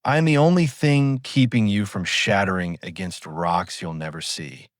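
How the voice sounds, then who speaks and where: Calm commanding fog spirit, as a man voices it. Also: fairly low pitch, moderate pace, no echo, studio quality, lightly acted.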